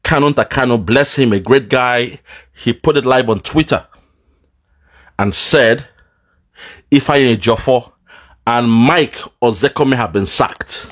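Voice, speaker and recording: A man giving an impassioned commentary, swinging between loud outbursts and low, mournful asides. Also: measured pace, long pauses. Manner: dramatic, swings between shouting and low lament. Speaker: political commentator. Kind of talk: impassioned monologue.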